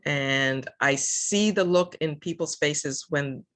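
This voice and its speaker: Speaking slowly in a low, slightly bright voice, an older woman from Southern California joins a casual interview as an EV advocate. Her earnest talk is full of fillers and restarts.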